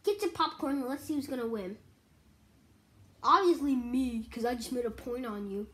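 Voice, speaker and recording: A woman's voice: on the high side, normal speed, a bit bright, close to an everyday voice. A woman voicing a cocky male Luigi figure in a basketball game, with playful, competitive trash talk.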